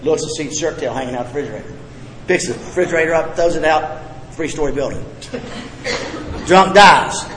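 A man's voice: on the high side, a little fast, pauses often, fairly bright tone, a little hiss or hum. A man giving a recovery talk, blunt and folksy, telling jokes with profane humor. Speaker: recovery meeting speaker. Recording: echoey hall with reverb, faint ambience.

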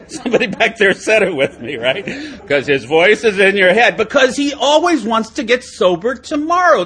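A middle-aged man giving an animated, self-mocking, humorous talk as speaker at a recovery meeting, laughing often. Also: very high-pitched, unhurried, a little hiss or hum. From United States.

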